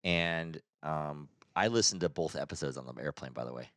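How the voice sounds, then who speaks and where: A man's voice: very deep voice, moderate pace, a bit bright, no echo, studio quality. A middle-aged man with a nasal voice hosting a casual podcast chat, rambling, swearing freely and restarting his sentences. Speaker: podcast host.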